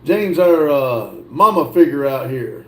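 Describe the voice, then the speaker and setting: A man hosting a livestream, reading viewer comments aloud and answering them in a slow, drawling way. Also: on the high side, expressive, a little mellow. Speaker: livestream host reading chat. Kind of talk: casual chat. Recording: echoey room.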